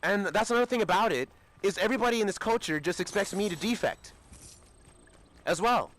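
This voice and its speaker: A man's voice: high-pitched, expressive, a little fast, a bit bright. A young Australian man talking in a rambling, repetitive, aggrieved monologue while he plays a game.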